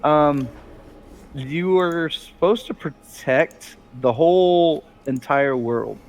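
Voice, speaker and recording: A man voicing Bob, a refined, polite male keeper of a secret base, speaking in a lower, measured tone. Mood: apologetic.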